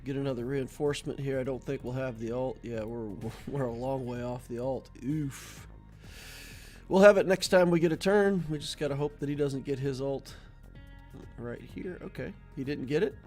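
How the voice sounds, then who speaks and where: A man casually commentating his game while chatting with viewers, laughing easily and drifting into stories. His voice sits at an ordinary middle pitch. Soft music plays faintly behind him. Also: moderate pace. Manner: chatty, laughs often, storytelling asides. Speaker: gaming streamer. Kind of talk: casual gameplay commentary and chat.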